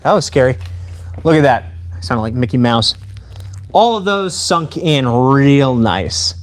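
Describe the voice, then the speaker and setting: A man live-streaming a demonstration of improvised weapons. He talks to his chat in an excitable, playful way. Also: mid-range voice, unhurried. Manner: excitable and playful, addressing viewers directly.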